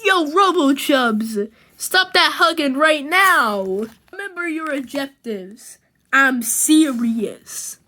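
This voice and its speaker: A woman's voice: high-pitched, animated, slow, pushed and bright, heavily acted. A woman voicing a cackling, scheming male cartoon villain with a sinister, gloating delivery.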